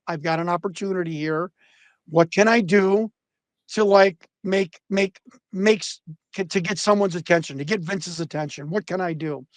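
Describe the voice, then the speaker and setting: A middle-aged man telling a profane, animated backstage story in casual conversation. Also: high-pitched, dry recording. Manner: profane, animated anecdotes with quoted voices. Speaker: guest storyteller.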